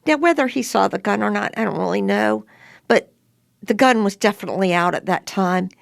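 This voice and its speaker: An older woman recounting a frightening day from her past in a conversational, animated way, her voice climbing high when she relives yelling at intruders. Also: a little fast, vocal fry, no echo, studio quality. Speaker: interviewee telling her story. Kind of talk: conversational storytelling.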